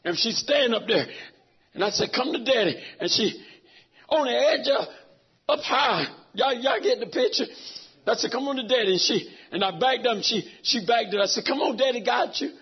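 A middle-aged man preaching a sermon, telling a personal story with great emotion, dropping to a hush and rising to shouts. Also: very high-pitched, lively intonation, moderate pace, breathy edge. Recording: dull lo-fi recording.

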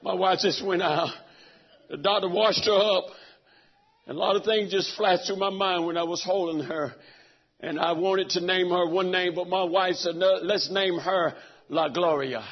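A middle-aged man preaching a sermon, telling a personal story with great emotion, dropping to a hush and rising to shouts. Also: high voice, steady tone, moderate pace. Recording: dull lo-fi recording.

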